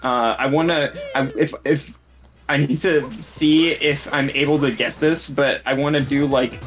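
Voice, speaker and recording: A man in casual voice-chat banter, his pitch sitting right in the middle range, rambling through his thoughts and laughing as he goes. Game music plays faintly behind him. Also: steady tone, a little slow, fairly bright tone. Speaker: streamer.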